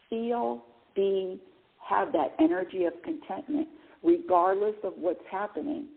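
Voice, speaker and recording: A woman hosting a call-in radio show, talking in an emphatic way and often repeating her words. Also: fairly low pitch. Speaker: radio host. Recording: tinny phone-line sound.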